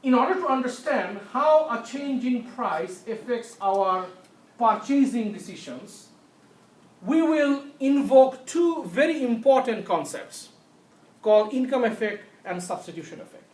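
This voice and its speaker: A man's voice: very high-pitched, animated, measured pace, darkish tone, distant mic. A man giving an economics lecture. He repeats the key points, checks that everyone follows, and coughs now and then. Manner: occasional coughs. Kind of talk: recorded classroom lecture. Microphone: tablet screencast recording. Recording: roomy echo, voice away from mic.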